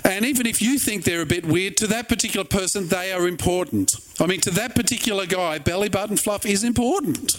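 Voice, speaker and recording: A man's voice: high-pitched, brisk, few pauses. A middle-aged man preaching a sermon as a pastor, earnest and conversational with wry asides.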